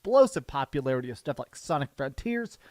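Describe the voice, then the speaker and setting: A man's voice: medium pitch, very animated, fast, darkish tone, dry recording, clean studio sound. A man in a gaming commentary video, talking in an incredulous, opinionated way.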